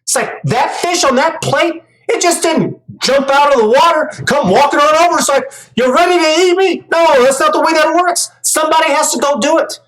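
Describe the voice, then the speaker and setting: A woman's voice: sits high, normal speed, hardly any pauses, fairly bright tone, poor audio. A woman commentator giving angry reaction commentary, ranting, profane and scolding.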